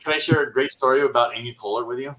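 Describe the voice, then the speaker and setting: Profane, animated storytelling man. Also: mid-range voice, very fast, echoey room, poor audio. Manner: profane, animated anecdote-telling with laughs. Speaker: podcast guest, stunt man. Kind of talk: casual storytelling.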